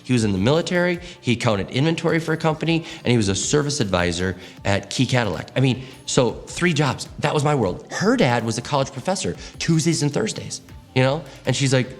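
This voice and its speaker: A man's voice: medium pitch, fairly quick, soft background music. A man, a pastor, giving a teaching talk to church leaders, telling stories expressively and acting out quotes. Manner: expressive, animated storytelling with acted quotes.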